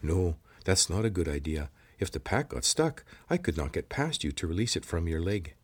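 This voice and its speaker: A man's voice: low-pitched, very animated, normal speed, breathy edge, full character voice. A man voicing a determined young male explorer trapped in a cave, speaking plainly. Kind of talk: audiobook character voice.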